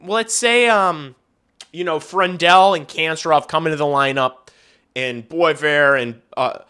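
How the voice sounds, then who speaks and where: A man's voice: on the high side, measured pace, pushed and bright, clear, resonant tone. A man hosting a casual hockey livestream, rambling and swearing offhandedly. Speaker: livestream host. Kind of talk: casual livestream sports commentary.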